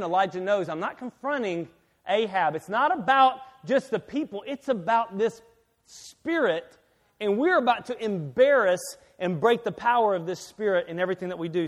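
A man preaching a sermon as pastor, swinging from quiet talk to loud, emphatic reading, often restarting and repeating his words. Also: sits high. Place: church sanctuary. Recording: long hall reverb.

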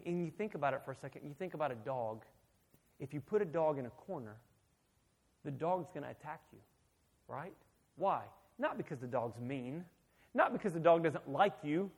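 A man in his thirties, his voice a little high with a breathy edge, preaches a conversational sermon as a pastor. He is animated and puts questions to his listeners along the way.

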